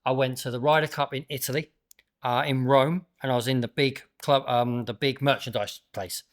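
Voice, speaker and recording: A man hosting a podcast, chatting casually and telling lively anecdotes. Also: medium pitch, normal speed. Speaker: podcast host and barbecue shop owner.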